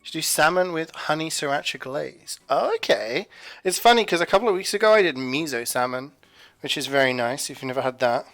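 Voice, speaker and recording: A man's voice: fairly high pitch, lively intonation, brisk, a bit bright. A man streaming from his home kitchen, rambling casually to his chat as he cooks. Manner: rambling, chatty, talking to chat while cooking.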